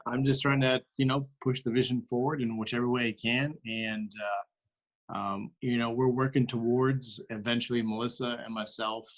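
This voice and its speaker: A man's voice: mid-range voice, flat delivery, moderate pace, low-quality recording. A man, a pastor and guest, speaking earnestly in a casual interview.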